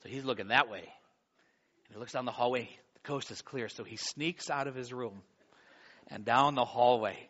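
A man in his forties preaching a sermon, dropping to a hush and then rising to loud storytelling. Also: mid-range voice, moderate pace, dull audio. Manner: swings from hushed intimacy to loud acted-out storytelling. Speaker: pastor.

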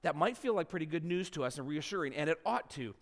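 A pastor preaching a sermon, his voice sitting high for a man. He tells stories in an animated, self-deprecating way. The sound carries the long reverb of a large church sanctuary. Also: fast talker.

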